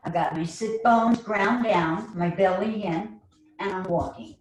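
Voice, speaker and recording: A woman with a New York accent leading a guided chair yoga class online, giving slow, soothing cues with playful asides. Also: medium pitch. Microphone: online video call. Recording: roomy, distant mic, faint noise.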